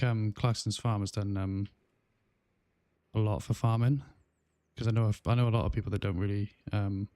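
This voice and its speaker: Rambling casually with plenty of fillers and restarts, a South Wales gaming streamer chats on his livestream in a South Welsh accent. His voice is lowish and mellow, with no echo.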